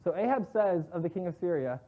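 A man's voice: high voice, expressive, fast talker. Tinny-sounding man teaching scripture casually. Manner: conversational, paraphrases scripture in everyday slang. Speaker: Bible teacher.

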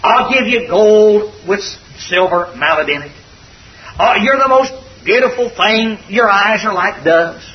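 A man acting out a grand king who lavishly flatters a captive young woman. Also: sits high, a little slow. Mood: flattering. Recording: dull distant recording.

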